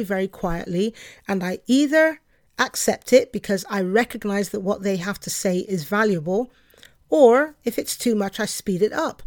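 A woman runs her own podcast on her own, speaking quickly and with a lot of conviction. Her voice sits in a middle register. The recording is dry and close, with no room sound. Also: mid-range voice, no echo. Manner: passionate, fast-talking and emphatic. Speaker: podcast host. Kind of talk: solo podcast monologue.

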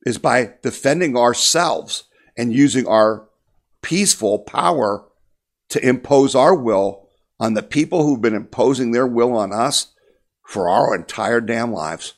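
Emphatic rallying man, mid-pitched. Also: lively intonation, a little slow. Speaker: political talk host. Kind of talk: impassioned political monologue.

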